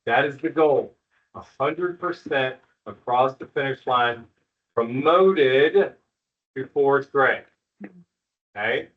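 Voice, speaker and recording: At an evening school meeting, a middle-aged principal addresses parents in a folksy, joking, reassuring manner, speaking slowly with long pauses in a medium-pitched voice. The audio is a distant, muffled recording of a school room with an audience.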